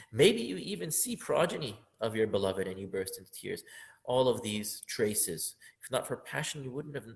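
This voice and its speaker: A man teaching a religious lesson on a poem, speaking with feeling and rising to emphatic peaks. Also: fairly low pitch. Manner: impassioned, building up to loud emphatic peaks, sometimes half-singing verses.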